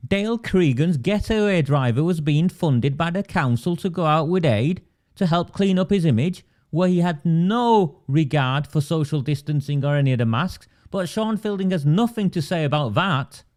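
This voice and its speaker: A man's voice: on the high side, lively intonation, moderate pace, a little mellow. Indignant man ranting. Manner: indignant, emphatic, reads viewer comments aloud. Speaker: livestream host. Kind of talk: political livestream commentary.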